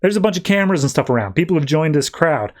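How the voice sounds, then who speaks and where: A man's voice: a little high, expressive, fast talker, pitched above the performer's own voice, natural voice. A man voicing an arrogant, hotheaded male superhero who talks brusquely and dismissively. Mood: angry.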